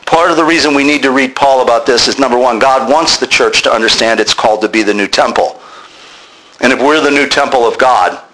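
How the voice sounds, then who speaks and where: Bright-voiced emphatic male preacher. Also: mid-range voice, a little fast, rough recording. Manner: emphatic, exhorting the congregation directly. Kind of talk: sermon.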